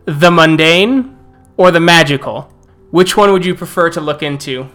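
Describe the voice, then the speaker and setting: A man narrating a tabletop game as game master, slow and drawn out, with restarts. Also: a little high, a bit bright, soft background music.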